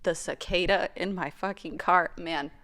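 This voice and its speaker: A woman's voice: on the low side, normal speed. A woman in her twenties, a podcast co-host in casual chat, telling stories animatedly with lots of "like" and swearing. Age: 20s. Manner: animated storytelling, frequent swearing and "like".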